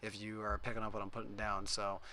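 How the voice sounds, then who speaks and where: A man's voice: lowish voice, monotone, a crowd in the background. Joking male debate moderator. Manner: quick, joking. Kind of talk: moderating and reading viewer questions.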